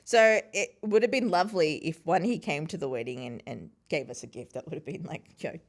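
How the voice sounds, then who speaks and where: A woman in her thirties, a podcast guest, chatting and telling stories in an animated way, acting out what people said and laughing often. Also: low voice, fairly quick. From Sri Lankan family. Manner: animated, acts out quoted voices, laughs often. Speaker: podcast host and interview guest. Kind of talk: casual conversational storytelling.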